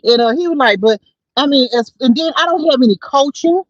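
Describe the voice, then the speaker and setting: A woman hosting a casual livestream from her car, chatting and telling stories to viewers in an animated way. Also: sits high, fairly quick, no echo, dull audio. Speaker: livestream host. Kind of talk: casual livestream chat while driving. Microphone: phone.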